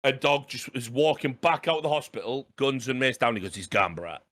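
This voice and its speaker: A man's voice: medium pitch, a little fast, a bit bright, no room sound, clean studio sound. A man co-hosting a podcast, animatedly retelling a TV episode with frequent laughs. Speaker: podcast co-host. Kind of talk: casual podcast storytelling.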